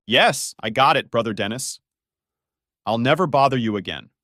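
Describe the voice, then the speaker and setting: A man's voice: medium pitch, lively intonation, normal speed, bright, forceful tone, no room sound, clean studio sound. A man doing a cowed young bully. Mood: submissive. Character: beaten young male bully, cowed and sullen.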